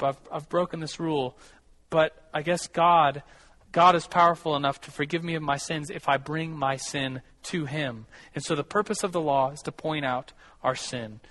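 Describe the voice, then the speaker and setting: Male pastor, sermon, conversational storytelling, slightly high voice. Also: poor audio. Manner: storytelling, animated when quoting others.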